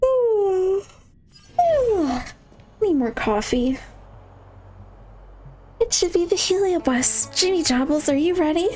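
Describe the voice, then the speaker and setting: A woman livestreams a game, chatting casually and reading lines aloud in a fairly high, animated voice. She talks playfully and makes asides. Faint game music plays underneath. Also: unhurried, pauses often, poor audio. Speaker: game streamer. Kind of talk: casual gaming stream, reading dialogue aloud.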